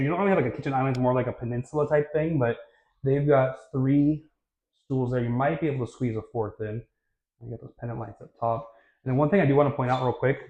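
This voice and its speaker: A man giving a casual walkthrough of a new house as a real estate vlogger, talking in a relaxed, chatty way with lots of fillers, recorded on a handheld camera mic while walking through the rooms. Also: medium pitch. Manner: chatty and relaxed, filler-heavy, self-correcting. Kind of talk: casual home tour walkthrough.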